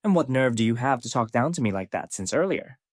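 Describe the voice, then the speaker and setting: A man voicing a cold, commanding male high-school fighter with calm questioning. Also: a little fast, dry recording, studio quality, close to an everyday voice.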